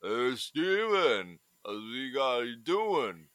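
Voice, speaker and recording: A man's voice: medium pitch, big pitch swings, extremely slow, a bit bright, no echo, pitched above the performer's own voice, heavily acted. Podcaster doing a friendly tough-guy impression, casual neighborly drawl. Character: friendly street-tough male action star impression.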